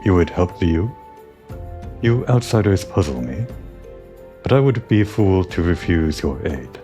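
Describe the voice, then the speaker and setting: Man reading as a stern tribal chieftainess, deep-voiced. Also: very animated, measured pace, dark tone, soft background music. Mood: grave. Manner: formal, solemn reading of game dialogue. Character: stern female tribal chieftain, proud and distrustful. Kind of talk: reading game dialogue aloud.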